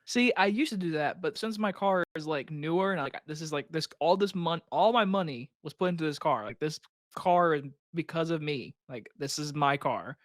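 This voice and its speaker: A young man co-hosting a podcast in casual chat, animated and ranting, swearing freely. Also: on the high side, normal speed, no echo, clean studio sound. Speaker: podcast co-host.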